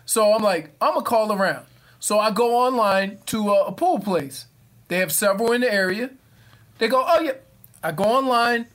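A man co-hosting a sports radio show, telling stories in an animated, casual way. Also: sits high, moderate pace. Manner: animated storyteller. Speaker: radio co-host.

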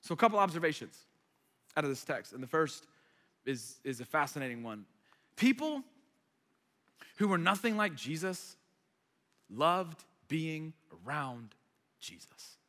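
A man preaching a sermon as pastor, conversational and animated, with repeated asides before a live audience. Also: fairly high pitch, unhurried, long pauses. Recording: long hall reverb.

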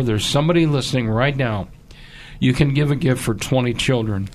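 A man telling an emotional story in halting bursts, then pleading urgently in a fundraising appeal. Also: mid-range voice, slight background noise. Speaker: charity appeal guest.

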